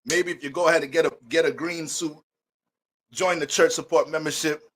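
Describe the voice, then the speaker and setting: A man's voice: fairly high pitch, fairly even intonation, fairly quick, fairly bright tone. A man hosting an astrology livestream, greeting viewers by name in playful mock-preacher banter.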